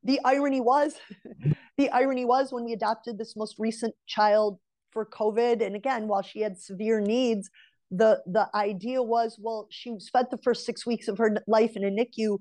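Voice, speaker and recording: The voice belongs to a woman in her forties, on the high side but dark in tone, steady and at a moderate pace. Guesting on an interview as a relationship mentor, she tells a personal story conversationally and gives earnest advice aimed directly at women listeners.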